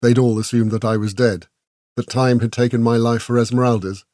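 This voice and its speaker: Measured male audiobook narrator, dry. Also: mid-range voice, fairly even intonation, dark tone, no room sound. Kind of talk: scripted narration.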